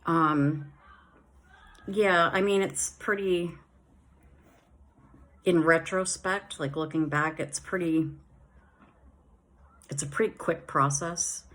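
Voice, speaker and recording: Woman vlogger, lower voice, unhurried rambling delivery, slight S lisp from new dentures. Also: fairly even intonation, a bit bright. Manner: rambling, many fillers and restarts. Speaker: vlogger sharing a dental recovery diary. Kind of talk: casual chat.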